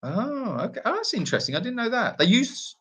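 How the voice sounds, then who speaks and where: A man's voice: extremely high pitch, big pitch swings, brisk, a bit bright, slightly rough. A man hosting a casual live Q&A from an animal sanctuary, reading viewer comments in a playful, self-deprecating way with frequent restarts.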